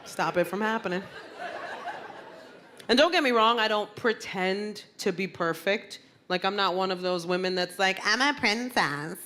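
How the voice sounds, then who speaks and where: A woman comedian doing a stand-up set, brash and animated, landing blunt punchlines. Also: mid-range voice, normal speed. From Puerto Rican heritage. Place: comedy stage before a crowd. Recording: live club with loud audience laughter and noise.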